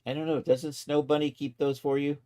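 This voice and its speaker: A man livestreaming his 3D art work in a casual, chatty way, talking to viewers and to his software as he goes and chuckling often. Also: a little high, little pitch movement, fairly quick. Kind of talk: casual live-stream commentary.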